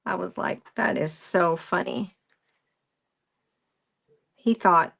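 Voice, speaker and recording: A woman's voice: mid-range voice, big pitch swings, takes it slowly, creaky, pauses often, fairly bright tone. A woman presenting a craft live stream, rambling through a story and greeting viewers by name as she works. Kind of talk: casual chat while crafting.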